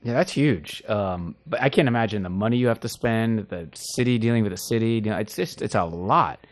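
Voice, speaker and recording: A man's voice: lowish voice, brisk. A man hosting a casual podcast interview, enthusiastic and rambling, often restarting his sentences. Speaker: podcast host. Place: indoor podcast studio.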